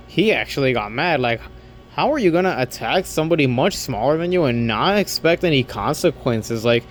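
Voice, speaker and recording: A young man casually telling a story to camera, rambling, restarting sentences and quoting what others said. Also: fairly high pitch. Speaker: vlogger and overnight convenience store clerk.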